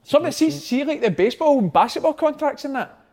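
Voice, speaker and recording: A man's voice: very high voice, expressive, brisk, a little mellow. A Scottish man telling funny football stories in casual banter, slipping into put-on voices. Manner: storytelling with put-on voices and laughter.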